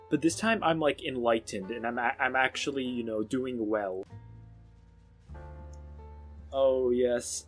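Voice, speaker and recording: A man giving casual, sarcastic let's-play commentary on a strategy game, with excitable outbursts and self-mocking asides. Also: medium pitch. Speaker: gaming YouTuber.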